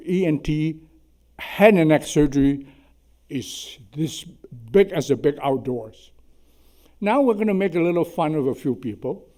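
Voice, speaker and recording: A man's voice: on the high side, warm tone. A man in his eighties with a Chinese accent, telling humorous anecdotes at a symposium, chatty and self-deprecating, often tagging "okay?". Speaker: surgeon giving a symposium talk. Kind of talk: anecdotal lecture. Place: lecture hall.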